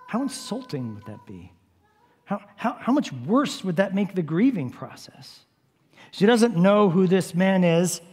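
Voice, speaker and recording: A man preaching a sermon, retelling a story vividly and repeatedly urging his listeners to imagine the scene. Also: on the high side. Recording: long hall reverb.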